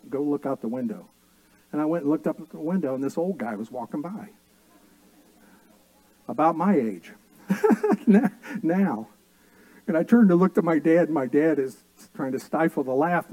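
Preaching a sermon, a middle-aged pastor slips into homespun stories told with dry wit. He has a dark, mellow voice pitched slightly high for a man, captured in close, dry sound with no echo from the room.

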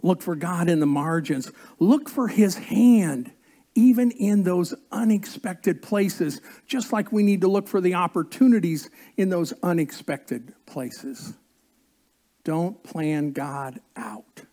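Slow, earnest male pastor preaching. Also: high voice, dark tone. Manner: coaxes the congregation to join in. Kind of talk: sermon.

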